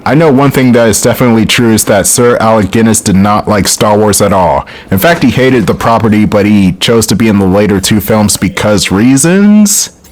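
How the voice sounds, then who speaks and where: Low-voiced man joking through gameplay. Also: lively intonation, normal speed. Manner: joking, rambling tangents. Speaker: let's play host. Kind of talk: casual gameplay commentary.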